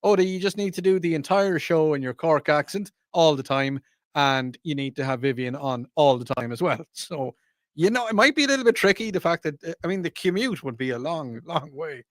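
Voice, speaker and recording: This is an Irish man hosting a radio talk show, chatting loosely through listener texts and laughing at his own slips. His voice sits a little on the high side, and the close studio mic sounds dry and dead. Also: expressive, a little fast, dry recording. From Ireland. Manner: chatty, self-correcting, laughs often. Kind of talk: casual radio chat reading listener texts.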